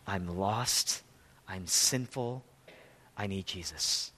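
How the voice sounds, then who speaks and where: Male pastor, sermon, lively swooping delivery, a bit high-voiced, long church reverb. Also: moderate pace. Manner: emphatic preaching, swings from loud to hushed; asks the congregation questions and answers them. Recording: long reverb of a large hall.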